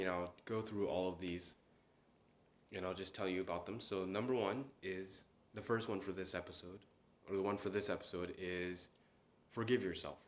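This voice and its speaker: A young man hosting a casual solo chat. He rambles, with many fillers and restarts. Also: fairly low pitch. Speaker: podcast host. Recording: roomy echo.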